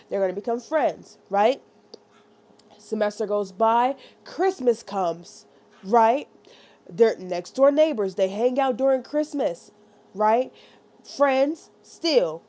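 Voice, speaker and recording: A woman's voice: on the high side, slow pace. A woman giving a casual, rambling book review, talking animatedly and constantly checking in with her listeners. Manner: animated, rambling, lots of "like" and "right?".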